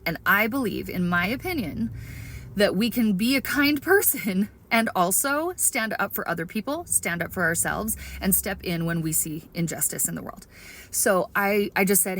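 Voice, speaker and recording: A woman's voice: mid-range voice, animated, moderate pace, a bit bright, a little hiss or hum. A woman earnestly and emphatically sharing her opinion and a personal story in a vlog. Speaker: video creator. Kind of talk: opinion vlog talking to camera.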